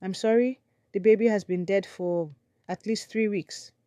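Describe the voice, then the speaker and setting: Woman doing a grim soft-spoken midwife. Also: mid-range voice, steady tone, normal speed, smooth, no echo, clean studio sound, natural voice. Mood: somber. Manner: soft, somber.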